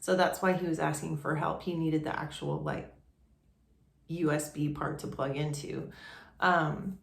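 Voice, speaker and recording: Young woman vlogger, low gravelly voice, rambling casual storyteller, echoey room. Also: fairly even intonation, unhurried. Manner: rambling, many restarts and fillers.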